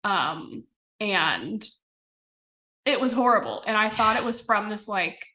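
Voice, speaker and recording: A young Midwestern woman appears as a podcast guest, very animated yet taking it slowly, her mid-range voice pushed and bright. She keeps the interview chat casual, loaded with fillers and little laughs.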